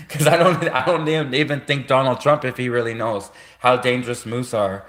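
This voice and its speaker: A man's voice: medium pitch, fairly even intonation, unhurried, a bit bright. A man live-streaming a casual, rambling monologue, repeating himself and laughing at his own jokes.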